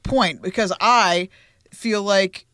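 A woman's voice: mid-range voice, takes it slowly, fairly bright tone, no echo, studio quality. A woman co-hosting a podcast in casual chat, chatty and laughing, acting out quotes from the show. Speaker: podcast co-host.

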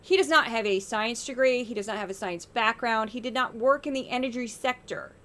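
Exasperated woman podcast host, higher voice. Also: a little fast, fairly bright tone. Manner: exasperated, sarcastic. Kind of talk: political media commentary.

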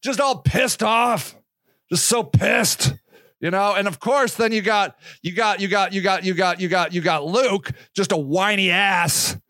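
Rambling, profane solo podcast host, male, high pitched, dry close-up sound. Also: unhurried, bright, forceful tone, dry recording. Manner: rambling, profane, self-interrupting.

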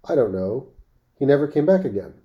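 A man's voice: medium pitch, big pitch swings, brisk, lo-fi sound, voice pushed up, lightly acted. A man voicing a gossipy old village man with a thin, piping voice in a storybook reading. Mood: informative.

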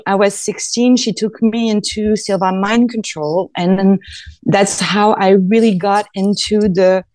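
A woman's voice: mid-range voice, darkish tone, no room sound. A woman with a French accent, a chiropractor guest telling her story in a podcast interview, earnest and rambling.

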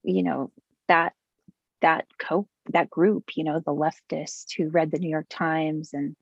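Husky, gravelly woman on a dull line. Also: deep voice, fairly even intonation, a little slow, dry recording. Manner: candid, joking, with frequent fillers and laughs. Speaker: interview guest. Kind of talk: casual conversation.

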